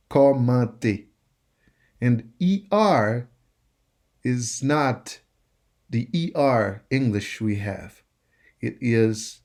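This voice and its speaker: Male tutor, unhurried, repeats words patiently for learners. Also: lowish voice. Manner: drills each word by repeating it slowly. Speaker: French teacher. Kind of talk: slow pronunciation lesson.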